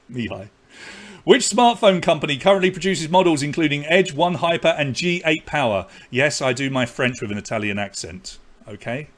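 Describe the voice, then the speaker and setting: A man's voice: fairly high pitch, expressive, normal speed. A man with an English accent hosting a live online pub quiz, reading questions and scores with chatty, jokey asides. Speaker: quiz host.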